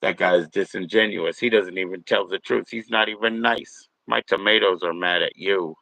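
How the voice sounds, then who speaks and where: A man's voice: deep voice, steady tone, moderate pace, vocal fry, sharp tone, dry recording, low-quality recording. A man hosting a casual livestream from home, rambling, swearing and mocking trolls in chat. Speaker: livestream host.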